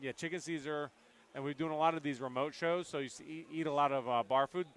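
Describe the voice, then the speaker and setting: A man's voice: on the high side, quick pace, fairly bright tone. A man hosting a casual sports radio show live from a busy pub, upbeat and talkative. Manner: upbeat, talkative, plugs the bar between sports talk. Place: busy pub, remote broadcast.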